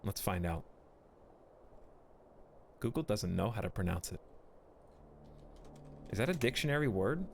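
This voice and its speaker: A man's voice: lowish voice, lively intonation, measured pace, creaky, pauses often, a little hiss or hum. A man streaming a strategy game, chatting with his viewers in a rambling, joking way and laughing often. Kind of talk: casual gameplay stream commentary.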